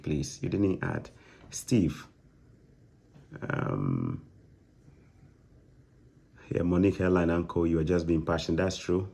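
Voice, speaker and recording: A man with a warm, creaky, low voice answers comments from viewers during a live stream. He lectures them sternly and emphatically, circling back over the same points again and again.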